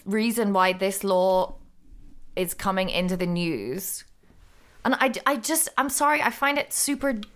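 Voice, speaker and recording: A woman's voice: mid-range voice, a bit bright. A woman with a Northern Irish accent, a teacher co-hosting a podcast, ranting passionately about the news. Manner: impassioned, ranting. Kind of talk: casual chat about news.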